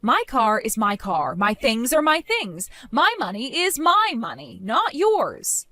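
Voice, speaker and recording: A woman playing a firm, measured young wife-to-be. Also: a little high, sing-song, pushed and bright, heavily acted. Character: calm young woman defending her savings. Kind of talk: voiced story drama.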